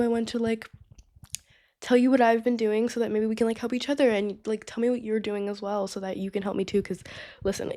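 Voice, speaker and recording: A woman's voice: medium pitch, dark tone. A young woman hosting her own podcast, talking casually and chattily with lots of "like" and "you know what I mean". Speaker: podcast host. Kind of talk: casual solo podcast talk.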